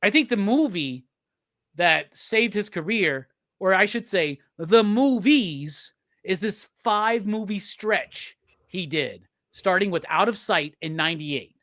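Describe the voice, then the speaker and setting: Brash profane male host, bright voice. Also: sits high, animated, slow pace, no room sound, studio quality. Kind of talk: casual movie review chat.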